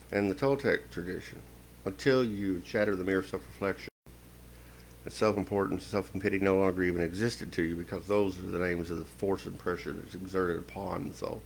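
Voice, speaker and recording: Deep gravelly guy giving a slow stern spiritual talk, lots of pauses, faint hiss behind. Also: poor audio. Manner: measured, stern and preachy, with long pauses. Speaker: occult teacher. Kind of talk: slow spiritual lecture to camera.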